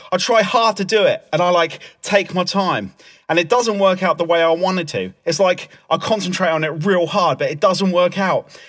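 A man softly telling a story in a whispered song cover, close to a lo-fi microphone. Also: sits high. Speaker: ASMR performer. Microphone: lo-fi close mic.

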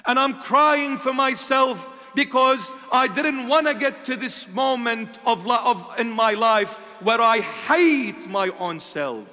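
A high-pitched man preaches slowly in a bright, sharp voice, pressing his listeners with rhetorical questions. His delivery swings between fiery and hushed, and a long church reverb trails behind every phrase. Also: expressive. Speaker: bishop preaching. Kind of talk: sermon.

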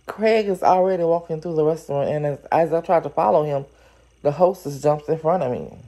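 Slow, gravelly, low-voiced woman storyteller. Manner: reads steadily, then breaks in with animated, exclaiming asides. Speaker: storyteller reading a novel aloud. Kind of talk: story reading with chatty reactions.

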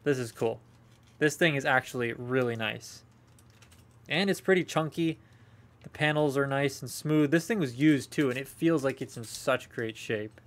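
Young male streamer, loose rambling chat with viewers, mid-pitch voice. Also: moderate pace, fairly bright tone. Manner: rambling and chatty, talking to live chat. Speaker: toy collector streaming a haul unboxing. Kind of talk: casual live unboxing chat.

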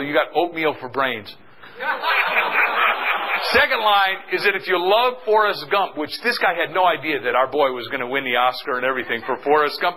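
A middle-aged man giving an energetic motivational seminar talk, calling out questions for the audience to answer. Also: high voice, low-quality recording. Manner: energetic, call-and-response with the audience. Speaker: seminar speaker.

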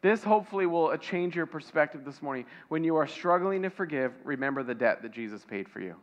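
High-voiced pastor preaching. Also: male voice, expressive, fast talker, dull audio. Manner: conversational, asks the congregation questions, acts out little dialogues. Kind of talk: sermon.

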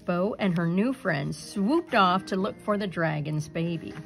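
A woman's voice: on the low side, expressive, a little slow, gravelly, soft background music, low-quality recording. A woman reading a children's picture book aloud expressively. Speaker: storybook reader.

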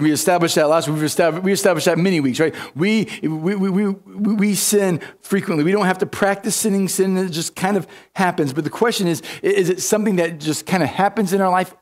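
A man preaching a sermon in a church, emphatic, often repeating words and restarting. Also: a little high. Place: church sanctuary.

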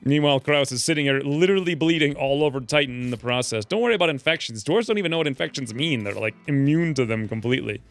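A man's voice: medium pitch, quick pace, few pauses, soft background music. A man giving casual, joking commentary over a game, now and then ranting in character as his angry dwarf. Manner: joking, animated, voices his dwarf's rants. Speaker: let's play host.

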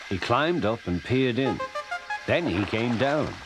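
A man from England with a Liverpool accent narrating a children's storybook in a lively manner, on old tape audio. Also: mid-range voice, slow pace, music in the background.

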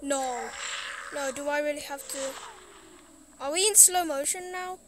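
A very high-voiced woman plays through a horror game, jittery and exclaiming to herself. She talks slowly and unhurriedly. A clear hiss of noise sits under her voice. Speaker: gaming streamer. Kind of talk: horror game let's play.

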